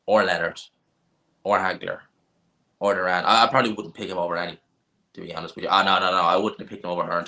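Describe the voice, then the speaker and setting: Deep-voiced North Dublin man, blunt. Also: pushed and bright. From Ireland. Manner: blunt, offhand opinions with frequent restarts. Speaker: livestream host. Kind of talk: casual livestream chat answering viewer questions.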